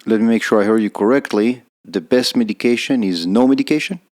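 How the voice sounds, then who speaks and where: A man's voice: fairly low pitch, fairly quick, a little mellow. A man, an emergency physician hosting a podcast, asking questions and affirming his guest's answers. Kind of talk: interview questions.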